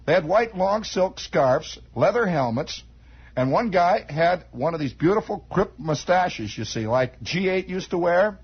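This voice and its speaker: A man's voice: high voice, animated, a little slow, husky. Man telling a rambling comic radio yarn. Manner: rambling comic storytelling with acted-out shouts. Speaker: radio storyteller host. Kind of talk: improvised radio monologue. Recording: dull lo-fi 1960s radio broadcast.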